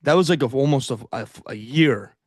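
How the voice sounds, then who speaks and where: A man's voice: mid-range voice, brisk, dry recording. A man hosting a casual sports podcast, with dry, teasing banter. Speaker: podcast host.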